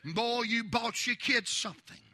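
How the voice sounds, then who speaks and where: A man preaching a sermon in a church, with impassioned climbs into shouts and folksy, humorous asides. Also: extremely high pitch, a little slow.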